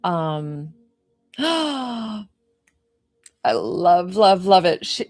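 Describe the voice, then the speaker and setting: A woman's voice: lowish voice, very animated, drawn-out words, a little mellow, no room sound, clean studio sound, soft background music. A woman giving a spiritual medium reading in an effusive, emotional way with many fillers.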